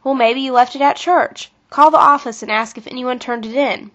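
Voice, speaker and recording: A woman's voice: sits high, moderate pace, a bit bright. Woman playing a patient, practical mom. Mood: calm.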